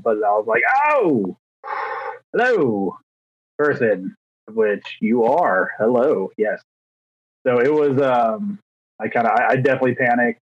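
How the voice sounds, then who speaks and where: A man of thirty co-hosting a podcast, telling rambling, self-deprecating stories with fillers in casual chat. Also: lowish voice. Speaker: podcast co-host. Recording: dry, slightly dull podcast mic.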